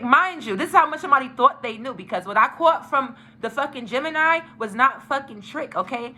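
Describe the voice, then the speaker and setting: A young woman telling a story to her viewers, animated and profane, talking straight to the camera in a casual storytime. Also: sits high, fairly quick, hardly any pauses.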